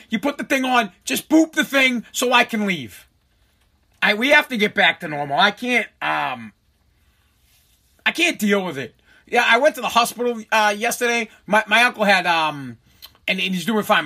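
A man's voice: high voice, bright, forceful tone. A man hosting a casual solo podcast from his home basement, ranting animatedly, swearing and laughing at himself. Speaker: podcast host.

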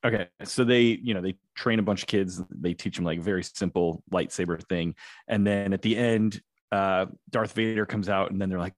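A man co-hosting a podcast in casual chat, an animated storyteller who laughs as he tells. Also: low-pitched, moderate pace, no room sound, clean studio sound. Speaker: podcast co-host.

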